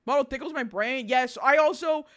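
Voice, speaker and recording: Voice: high-pitched, moderate pace, a bit bright. A VTuber streamer chatting casually with chat, reading messages aloud, swearing freely and often breaking into laughter.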